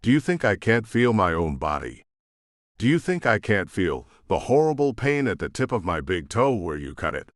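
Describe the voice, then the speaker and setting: An entitled woman shrieks and scolds, as a male narrator does her voice. She sounds haughty and furious, her pitch leaping around. The reading is close and dry, audiobook style. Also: big pitch swings, moderate pace, no echo. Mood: indignant. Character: shrill entitled woman throwing a tantrum.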